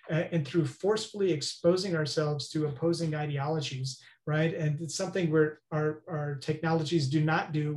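A man's voice: fairly high pitch, a little mellow. A man speaking as an interview guest, explaining earnestly and often checking in with "right?". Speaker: guest expert. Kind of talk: interview conversation. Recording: roomy echo.

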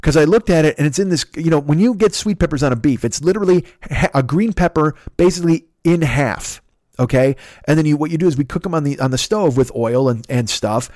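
A man's voice: a little high, fairly quick, a little mellow, dry recording, studio quality. A middle-aged man from the Chicago area, telling a story in a casual, exasperated, profane rant as a podcast host. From Chicago area, USA.

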